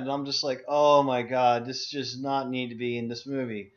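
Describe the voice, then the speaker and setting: A man's voice: mid-range voice, flat delivery, moderate pace. A young man in casual conversation over a voice call, ranting bluntly and with lots of profanity. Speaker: discussion co-host. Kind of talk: casual Skype chat. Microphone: video call. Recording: dull lo-fi voice call audio.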